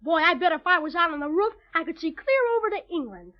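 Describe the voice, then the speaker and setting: An actress playing an eager, excitable young boy in an old radio drama, bursting into exclamations. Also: very high-pitched, fast. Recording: dull old radio recording.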